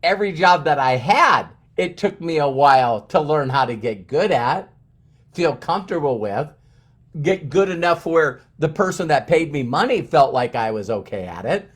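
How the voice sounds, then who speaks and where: A man's voice: fairly high pitch, moderate pace. A middle-aged man speaking as a motivational speaker, telling a story with lots of stammered repeats and restarts. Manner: animated, stammering repetitions. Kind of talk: storytelling talk.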